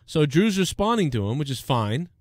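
A man's voice: on the high side, sing-song, moderate pace, no echo, clean studio sound. A man hosting a live stream, ranting heatedly and swearing as he scolds and mocks. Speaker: live show host. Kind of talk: profane live-stream rant.

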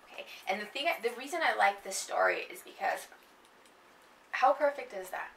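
Woman lecturer, chatty classroom teaching style, gravelly voice, roomy echoey classroom. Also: mid-range voice, lively intonation, moderate pace, fairly bright tone. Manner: conversational, with frequent "okay" and asides to the class. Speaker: literature lecturer. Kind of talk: classroom lecture, reading aloud. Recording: echoey classroom from far off, faint noise.

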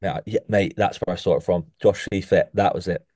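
A man's voice: sits low, fairly quick, no room sound, clean studio sound. A young man co-hosting a casual podcast who rates physiques and tacks "mate" onto almost every sentence. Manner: says "mate" constantly, animated coaching tone. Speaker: podcast co-host rating physiques. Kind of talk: casual chat. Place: podcast studio.

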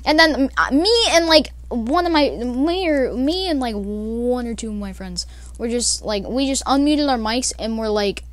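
A woman's voice: on the high side, expressive, a little slow, dry recording. A young woman telling a casual storytime, rambling with many fillers and laughs. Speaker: vlogger.

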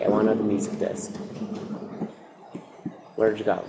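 A man commentating his own survival game play, excitable, talking to the mobs and breaking into loud outbursts. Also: fairly low pitch, normal speed, noisy background. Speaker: gaming commentator. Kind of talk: Minecraft let's play commentary.

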